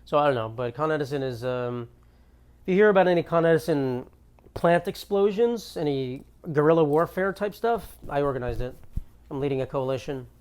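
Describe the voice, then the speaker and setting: A man's voice: a little high, lively intonation, brisk, darkish tone, clean tone. Young male comic host, ranting and exasperated, swears freely, solo bit from his apartment. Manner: ranting, exasperated, profane storytelling. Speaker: comedian podcast host. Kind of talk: solo comedic monologue.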